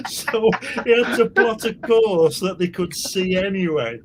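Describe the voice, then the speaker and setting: Man, rambling anecdote-teller, slightly higher voice, laughs a lot. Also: lively intonation, slow pace, background noise. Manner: rambling, repeats words, laughs often. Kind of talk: casual storytelling chat.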